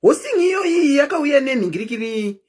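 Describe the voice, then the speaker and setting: A woman's voice: high-pitched, big pitch swings, moderate pace, darkish tone. A woman hosting a live stream, chatting casually and keeps asking her viewers questions.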